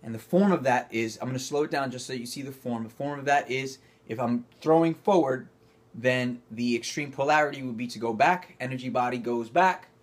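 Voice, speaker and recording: Fairly quick and mid-range, a male acting coach addresses the camera, shouting cues as he shows movement exercises. His coaching climbs now and then into loud bursts of effort.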